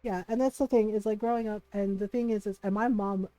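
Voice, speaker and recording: A woman from a Filipino family background chats candidly with her viewers while gaming, swearing freely, laughing mid-sentence and tagging lines with "right?". Her mid-range voice is steady, mellow and a little fast. The audio is poor, with no room sound.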